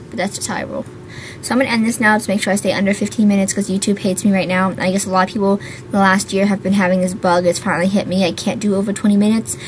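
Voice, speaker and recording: A young woman talks to her camera in a loose, rambling vlog, stringing thoughts together with lots of fillers. She sounds hyper yet tired, yawning now and then. A faint hiss of background noise sits under her voice. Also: mid-range voice. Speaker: YouTuber. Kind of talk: casual vlog chat to camera.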